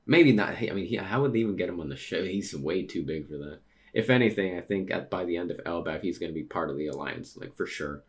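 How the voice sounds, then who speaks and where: This is a man with a notably deep voice, hosting a casual manga read-through. He wanders between thoughts, filling gaps with ums and likes and restarting sentences as he reacts to each page. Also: expressive, quick pace. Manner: rambling, many fillers and restarts. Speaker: manga reader and commentator.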